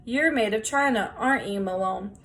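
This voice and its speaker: A woman voicing a huge, kindly bearded man of the road who speaks in gentle, formal phrases. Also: medium pitch, moderate pace, close to an everyday voice. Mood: genial. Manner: courtly, gentle, wordy.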